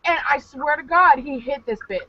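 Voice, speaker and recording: This young woman's voice sits high as she co-hosts a podcast and spins a story at a moderate pace. Loose, profane, and animated, she laughs often throughout the casual comedic telling. The recording has a dull, lo-fi podcast quality.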